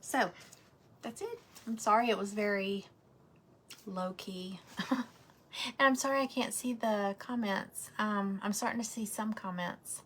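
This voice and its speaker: A woman's voice: mid-range voice, measured pace, a bit bright, slight background noise. A woman, chatting casually and rambling to viewers as she hosts a craft livestream from home.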